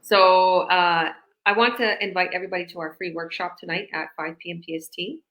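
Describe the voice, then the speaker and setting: A woman business coach talks in a chatty, rambling way on a live video call, acting out little conversations as she goes. Her voice sits a bit low for a woman. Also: fairly even intonation, brisk, fairly bright tone. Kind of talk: casual live-stream chat.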